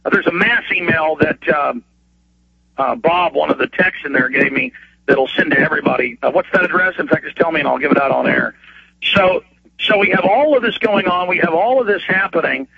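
A man's voice: on the high side, gravelly, breathy edge. Ranting man on a phone line. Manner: fast, repetitive, stammering restarts, rising to bursts of outrage. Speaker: radio host. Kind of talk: heated talk radio rant.

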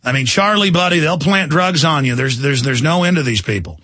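A man's voice: on the high side, animated, brisk, sharp tone, no echo. A man hosting a talk radio show, rambling and indignant in an emphatic monologue from a studio.

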